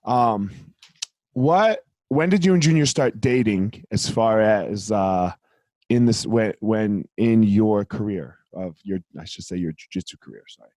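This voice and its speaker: A man hosting a casual interview show, rambling through questions, swearing casually, and growing animated when telling stories. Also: lowish voice, unhurried. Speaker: podcast host.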